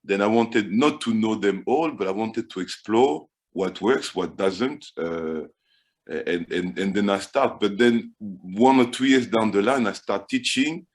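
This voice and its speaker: A man's voice: on the low side, a little slow. A man with a French accent speaking as a guest coach on a video call, often stammering and repeating words. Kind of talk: casual video-call interview.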